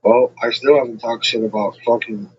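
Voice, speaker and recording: A man's voice: mid-range voice, fairly even intonation, normal speed, breathy edge, lo-fi sound. A man ranting to his livestream chat in a rambling, combative way, swearing constantly.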